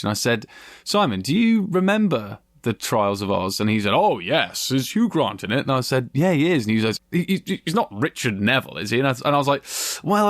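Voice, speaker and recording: A man co-hosts a film review podcast in a chatty, animated way, dropping the odd swear word. His voice sits at an ordinary pitch and sounds dry and close to the mic. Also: no room sound. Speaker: podcast co-host. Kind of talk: casual film review chat.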